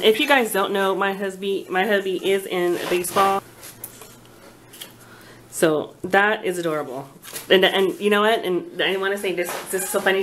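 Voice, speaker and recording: A woman's voice: mid-range voice, a bit bright, a little hiss or hum. Gushing, flustered woman vlogger. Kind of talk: casual unboxing chat. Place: home, at a kitchen table.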